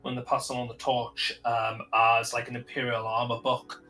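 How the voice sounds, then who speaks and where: A man's voice: medium pitch, level tone, moderate pace, pushed and bright. Man, eager hobby chat, lots of fillers, faint music behind. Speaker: guest hobbyist. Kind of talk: casual chat.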